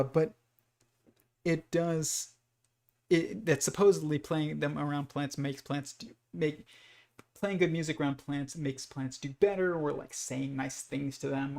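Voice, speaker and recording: A man's voice: medium pitch, creaky. A man hosting a livestream, talking through ideas in a loose, rambling monologue full of restarts and fillers. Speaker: host.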